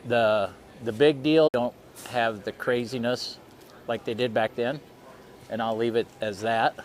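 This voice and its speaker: A man's voice: medium pitch, fairly even intonation, unhurried. A middle-aged man, a guest reenactor talking in an easygoing, plain-spoken way. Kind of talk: casual interview.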